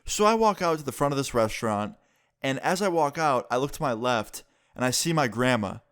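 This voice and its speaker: A young man telling a story casually on his vlog, animated and profane, acting out the dialogue he quotes. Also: medium pitch, brisk, smooth. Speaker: storytime vlogger.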